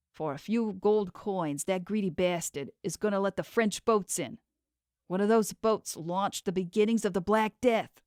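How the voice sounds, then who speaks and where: A woman's voice: medium pitch, a little mellow, no room sound, clean studio sound, lightly acted. A woman voicing a troubled male professor. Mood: angry.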